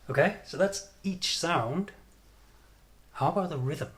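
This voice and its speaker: A man with a British accent teaching English pronunciation, modelling sounds and stress patterns by repeating them deliberately. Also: a little high, fairly bright tone. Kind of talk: pronunciation lesson.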